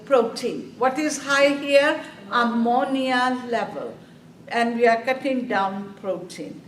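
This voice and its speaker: A slow-spoken woman, lecturing a nursing review class. She keeps asking her students questions and answering them herself, pressing each point home. She is recorded from across an echoey classroom, with faint room noise behind her. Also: a little high, far from the mic. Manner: quizzing students with repeated questions, slow and emphatic. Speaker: nursing exam instructor.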